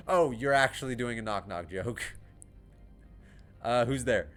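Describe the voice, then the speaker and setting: A man's voice: mid-range voice, a little slow, long pauses, a bit bright. A man with an American accent giving casual, rambling commentary while playing a game, laughing often. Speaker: gaming streamer. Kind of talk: casual let's play commentary. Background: game music.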